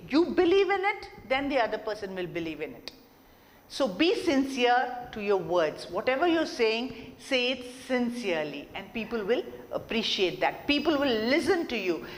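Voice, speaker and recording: Woman lecturing in an echoey hall. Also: a little high. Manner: explanatory, repeats points, asks rhetorical questions. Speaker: college lecturer. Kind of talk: classroom lecture on communication skills. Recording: long reverb, faint background noise.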